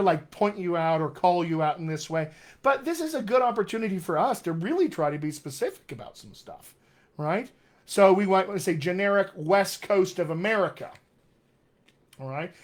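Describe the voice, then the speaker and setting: A man teaching accents on a live stream, reading viewer comments aloud in an upbeat, chatty, encouraging way. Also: high-pitched. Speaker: dialect coach.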